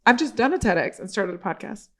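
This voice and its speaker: A woman's voice: mid-range voice, quick pace. A woman in the guest seat of a casual podcast chat. She tells her story with energy, acting out each exchange in quoted voices and dropping the odd swear word. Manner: animated, acts out quoted dialogue, swears casually.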